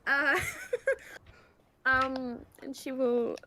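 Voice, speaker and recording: A woman's voice: high voice, flat delivery, extremely slow, bright, forceful tone, a little hiss or hum, low-quality recording. A woman narrating her character's actions as a player in a tabletop game, hesitant and laughing. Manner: hesitant, many fillers, laughs.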